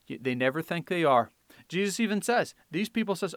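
A man preaching a sermon, swinging from quiet explanation to loud, fiery scripture reading. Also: a little high, animated, normal speed, long pauses, dry recording, studio quality.

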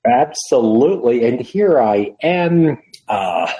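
In a casual interview, a middle-aged guest from New York City, retired from the FBI, recounts his career with dry, self-mocking humor. He speaks slowly and animatedly in a medium, mellow voice on a rough recording.

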